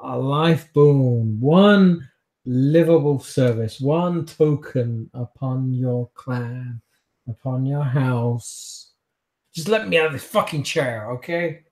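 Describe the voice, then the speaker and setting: A man's voice: fairly high pitch, big pitch swings, a little fast, gravelly, hardly any pauses, a bit bright, reverberant, heavily acted. A man voicing a cornered male vampire schemer tied to a chair, pleading frantically and swearing. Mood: frantic.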